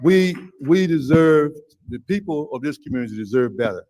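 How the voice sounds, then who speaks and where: A man's voice: on the high side, darkish tone, low-quality recording. A man giving a public comment speech to a city council, emphatic and indignant as he demands an investigation. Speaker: resident speaking at public comment.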